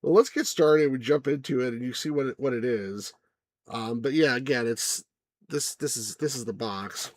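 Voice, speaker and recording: A man hosts a casual game review, rambling through gameplay commentary with asides to viewers and chuckling at the jokes. His voice is mid-range at a moderate pace, with no room sound.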